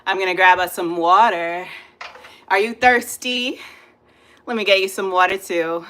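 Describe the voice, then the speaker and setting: A woman's voice: fairly low pitch, brisk. A woman fitness instructor, coaching a live workout with whoops and encouragement. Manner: energetic, whooping, encouraging, says "y'all".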